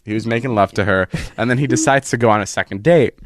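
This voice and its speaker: A man hosting a podcast, teasing his co-host with quick questions in a casual chat. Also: mid-range voice.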